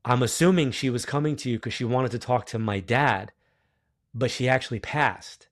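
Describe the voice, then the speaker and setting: A man's voice: mid-range voice, moderate pace, dry recording. Man telling a story in dry close sound. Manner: animated storyteller, acts out quoted dialogue. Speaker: guest psychic medium. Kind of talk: casual storytelling interview.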